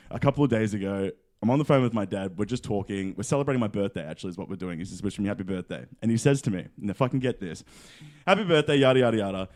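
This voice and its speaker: A young man co-hosting a podcast, telling a story in casual chat, animated and swearing, acting out quotes. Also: mid-range voice. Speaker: podcast co-host.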